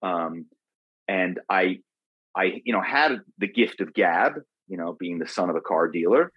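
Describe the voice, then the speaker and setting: Husky low-voiced man telling stories. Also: animated, a little slow, no room sound, muffled recording. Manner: rambling with many fillers and restarts. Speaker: interview guest, author. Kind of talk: conversational storytelling.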